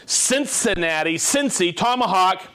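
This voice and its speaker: Brief: male live-stream host, high-pitched, upbeat and jokey, rattles off viewer shout-outs. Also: animated. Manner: upbeat, quick, jokey, greets viewers by name and town.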